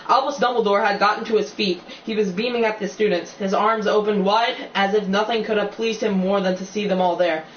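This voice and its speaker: Here an amateur reader narrates a novel in a steady, mid-range voice, moving fairly quickly with few pauses. Slips and restarts crop up occasionally, along with casual asides. The audio is dull and roomy, far from the mic, with a faint hiss.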